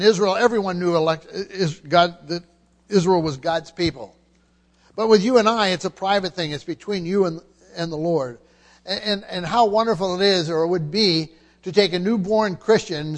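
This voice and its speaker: A man's voice: high voice, in a large hall. A man preaching a verse-by-verse sermon, emphatic, repeating key phrases and restarting often. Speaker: pastor. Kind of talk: expository sermon.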